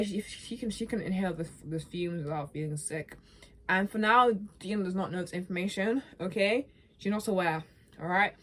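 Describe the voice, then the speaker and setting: A young woman vlogger chatting casually and rambling about a video game, often stopping to correct herself. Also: mid-range voice. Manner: rambling, self-correcting, animated. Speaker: gaming vlogger.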